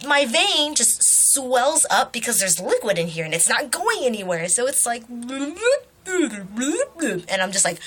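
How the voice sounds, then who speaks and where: Young woman vlogger, bright and lively, swears casually; fairly high voice. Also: moderate pace. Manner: animated, swears freely, laughs while telling. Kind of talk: casual storytelling vlog.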